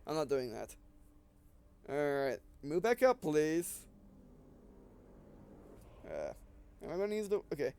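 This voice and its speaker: A man's voice: fairly high pitch, very animated, slow pace, creaky, pauses often, dark tone, clear, resonant tone. A man giving casual, rambling gameplay commentary while short of breath, often restarting and correcting himself. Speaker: gaming video creator.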